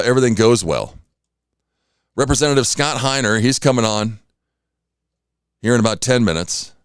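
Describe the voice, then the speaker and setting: A man's voice: mid-range voice, clear, resonant tone, no room sound, clean studio sound. Tired rambling male radio host. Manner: rambling, self-deprecating, acts out quoted pleas. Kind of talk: casual morning radio chat. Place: radio studio.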